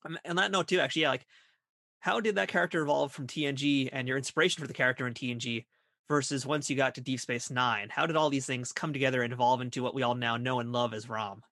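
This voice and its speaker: A man's voice: medium pitch, steady tone, fast talker, pushed and bright, no room sound, studio quality. A man hosting a podcast, asking questions in an eager, fan-like way. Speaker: podcast host. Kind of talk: podcast interview.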